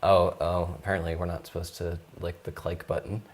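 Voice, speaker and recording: A woman's voice: a bass voice, little pitch movement, a little fast. A woman co-hosting a live stream, joking around and fretting about getting the call to work. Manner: jokey, nervous about the tech. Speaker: livestream co-host. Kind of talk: casual live-stream banter.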